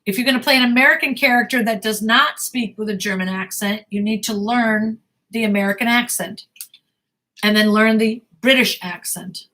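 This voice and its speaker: Blunt, bright-voiced woman coach. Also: on the high side, moderate pace. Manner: blunt, emphatic, repeats herself. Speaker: acting career coach. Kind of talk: live Q&A answering viewer questions.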